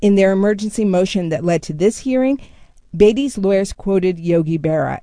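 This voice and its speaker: A woman culture correspondent explaining a story in a measured, steady way during a radio news interview. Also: mid-range voice, dry recording.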